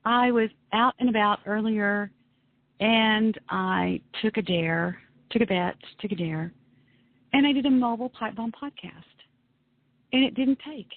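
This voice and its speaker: Over a tinny phone-line radio broadcast with no room sound, a woman with a mid-range voice hosts an internet talk radio show. Unhurried yet emphatic, she delivers a casual, ranting, self-dramatizing monologue.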